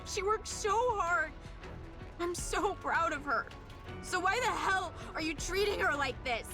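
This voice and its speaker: An actress voicing a fierce young woman protecting her pop star friend in a game, shouting and emotional. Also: very high voice, a little slow, music in the background. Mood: sobbing. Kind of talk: game voice acting.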